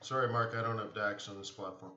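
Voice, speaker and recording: A man hosts a live trading stream, chatting casually and rambling as he answers viewers in the chat, often restarting his sentences. His voice sits on the low side, with fairly even intonation, a brisk pace, and a pushed, bright quality. The recording sounds roomy, distant and dull, with slight background noise.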